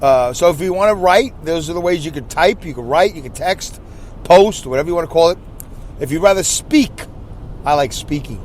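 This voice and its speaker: Guy rambling on his podcast, kinda high voice, keeps repeating stuff, bit of faint outside noise. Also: lively intonation, fairly quick. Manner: rambling, repeats himself, self-interrupting asides. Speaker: podcast host. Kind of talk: casual solo podcast chat.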